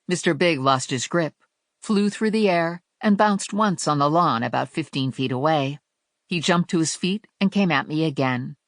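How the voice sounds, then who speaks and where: A woman narrating a first-person crime audiobook with wry, expressive storytelling. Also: low voice, normal speed, no echo, clean studio sound. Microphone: close studio mic.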